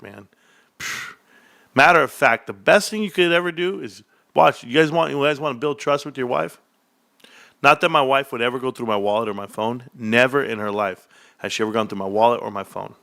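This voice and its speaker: This stock livestream host speaks in a mid-range voice that's a little fast, creaky, and fairly bright. He rambles through joking stories, keeps saying "bro," and laughs frequently on his casual stream.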